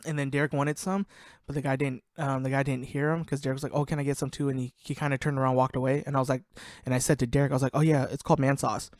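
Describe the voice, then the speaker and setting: A young man spins rowdy stories about his buddies, cursing and laughing as he goes. His voice sits at a middle pitch, and it is recorded close and dry with no room sound. The delivery feels like loose, unscripted podcast chat. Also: rapid-fire, dry recording. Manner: profane, laughing, animated storyteller. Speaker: podcast host. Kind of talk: casual storytelling.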